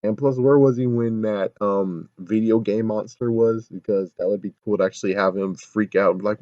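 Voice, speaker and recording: A man's voice: on the low side, fairly even intonation, brisk, few pauses, dark tone, no room sound, highs cut off. A man ranting casually and with exasperation in a show review, rambling and swearing often. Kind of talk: casual video review rant.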